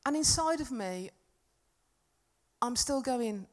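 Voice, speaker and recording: A woman's voice: fairly high pitch, expressive, takes it slowly. A middle-aged woman giving a talk at a church gathering, telling a personal story in a chatty, self-deprecating way. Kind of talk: sermon with personal anecdote.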